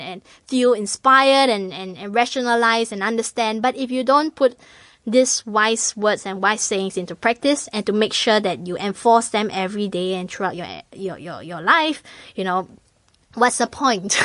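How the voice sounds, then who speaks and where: A woman's voice: medium pitch, dry recording. A woman, chatting casually and acting out voices as she tells a story. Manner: animated storyteller, acts out voices, laughs often. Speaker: guest sharing stories. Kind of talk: casual chat.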